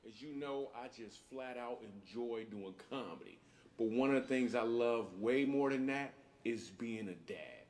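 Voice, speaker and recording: A man, a comedian and father, narrating a faith video in a relaxed, enthusiastic, conversational way. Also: medium pitch, unhurried. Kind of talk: video testimony.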